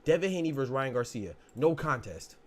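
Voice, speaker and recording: A man's voice: mid-range voice, sing-song, fairly quick. A man hosting a podcast, ranting in a heated, profane way and saying "bro" again and again. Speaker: podcast host. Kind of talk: casual ranting podcast talk.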